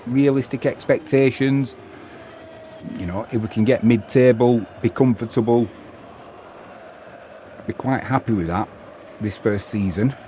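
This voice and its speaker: On his live match stream, a middle-aged Englishman keeps up casual banter, reads out messages from viewers and talks about the game. His voice is warm and mid-range, unhurried with long pauses, over a faint hiss or hum.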